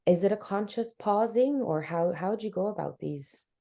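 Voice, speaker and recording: A woman's voice: mid-range voice, moderate pace, warm tone. A woman hosting an interview, speaking in a thoughtful, musing way with long winding questions. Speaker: podcast host. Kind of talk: reflective interview talk.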